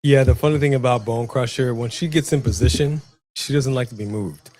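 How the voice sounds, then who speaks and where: A man's voice: medium pitch, a little fast. Chatty man co-hosting a livestream. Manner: chatty, animated, addresses the chat. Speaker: co-host of a wrestling watch-along. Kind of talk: casual live-stream chat.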